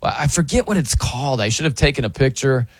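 A male host chats through the wee hours in a playful, joking way. His pitch swings widely as he talks, and the sound is dry and close with no room around it. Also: fast, husky, no echo. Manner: playful, animated, acts out scenes in funny voices. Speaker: late-night show host. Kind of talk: casual chat.

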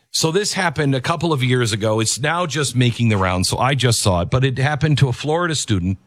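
A man's voice: mid-range voice, dry recording, clean studio sound. A man hosting a commentary show, reacting to a video clip in an emphatic, preachy way and repeating his key phrases.

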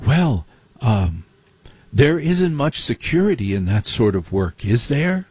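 A man's voice: mid-range voice, very animated, takes it slowly, a little mellow, husky, dry recording, exaggerated voice. A man voicing a snooty, condescending preppy young rich woman in a comedic story.

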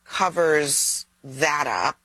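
A woman on a political panel speaks in a measured, deliberate way. Her voice sits lowish and a little husky. The sound is dry and close. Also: lively intonation, fairly bright tone, no echo, rough recording. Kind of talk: panel discussion.

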